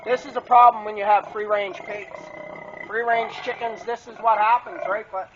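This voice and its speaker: A man filming himself on his homestead, talking to the camera while he works and calls to his pig. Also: high-pitched. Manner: talks to camera while working, coaxing and calling out to his pig. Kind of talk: handheld outdoor vlog narration. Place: outdoors in brush on a farm. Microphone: camera mic, handheld and then set on a tree. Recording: dull lo-fi outdoor camera audio with clear background noise.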